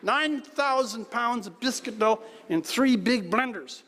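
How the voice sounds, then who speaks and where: Guy telling dry jokes at a dinner, kinda high voice, big echoey hall. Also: animated, a little slow, a bit bright. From Newfoundland, Canada. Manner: wry storytelling with dry jokes. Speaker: keynote speaker. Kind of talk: after-dinner speech. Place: large banquet hall. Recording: hall reverb. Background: audience laughter.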